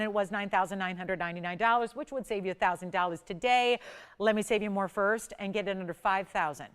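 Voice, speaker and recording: A woman hosting a live jewelry shopping show, effusive and gushing with exclamations as she pitches pieces in a studio. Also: fairly bright tone, clean tone. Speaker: shopping channel host.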